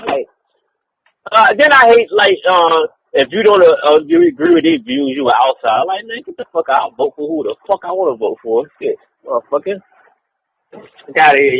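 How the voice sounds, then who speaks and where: Gravelly, high-pitched man ranting. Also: fairly bright tone, dry recording. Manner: profane, rambling rant with frequent "man" and "yo"; laughs often between remarks. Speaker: podcast co-host. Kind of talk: casual chat. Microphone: online call. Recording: dull lo-fi call audio with faint hiss.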